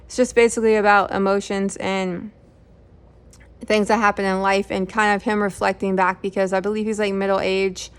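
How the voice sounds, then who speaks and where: A woman's voice: medium pitch, little pitch movement, normal speed, clear, resonant tone. A middle-aged woman casually talking through books she has read, rambling with lots of fillers and self-corrections. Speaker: book channel host. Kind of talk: casual book review chat.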